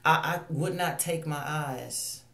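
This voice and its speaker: A woman's voice: low voice, slow, creaky, a bit bright, roomy sound, a little hiss or hum. A woman ministering online, telling a personal faith testimony in an earnest, confessional way, often repeating phrases.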